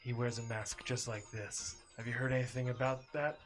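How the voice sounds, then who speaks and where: A man's voice: mid-range voice, little pitch movement, music in the background, close to an everyday voice. A man playing a hesitant masked fighter. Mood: earnest. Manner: measured, hesitant, with fillers. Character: masked man searching for his lost brother. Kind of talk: tabletop role-play in character.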